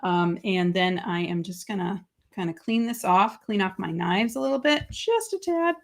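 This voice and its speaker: On a live crafting stream, a woman with a lowish, creaky voice talks at normal speed while making papercrafts. Excitable and chatty, she reads out viewer comments and keeps up easygoing conversation with her audience.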